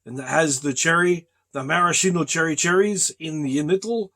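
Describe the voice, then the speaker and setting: A man with a slightly raised voice rambles through a comic monologue. He talks slowly and deadpan and keeps calling the listener brother and man. The recording comes from a truck cab. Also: fairly high pitch. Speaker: vlogger in character. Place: truck cab on a driving break.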